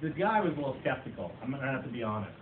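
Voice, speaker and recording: A man delivers a comic speech to a seated audience and pokes fun at himself as he tells his stories. His voice sits at an ordinary pitch. The recording is thin and distant, with room echo and steady noise behind it. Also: rapid-fire. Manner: self-mocking storyteller, playful. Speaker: club speaker. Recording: tinny echoey far-off recording, noisy.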